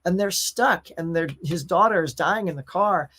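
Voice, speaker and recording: A man's voice: high voice, normal speed, bright, forceful tone. A middle-aged man hosting a casual pop culture show, chatting and reading viewer comments in a rambling way with fillers.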